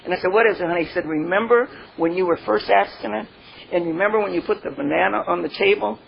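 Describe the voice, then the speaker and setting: A woman's voice: fairly low pitch, fast talker, creaky. An older woman sharing a heartfelt personal testimony, laughing through her stories and often saying "you know", on a dull lo-fi recording. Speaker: speaker sharing a recovery testimony. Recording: dull lo-fi recording with faint noise.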